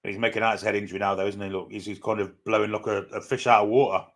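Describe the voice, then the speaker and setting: A man's voice: fairly low pitch, steady tone, rapid-fire. A man co-hosting a fan match watchalong, chatting through the play with dry, wry remarks. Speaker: co-host and pundit. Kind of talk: casual fan match punditry.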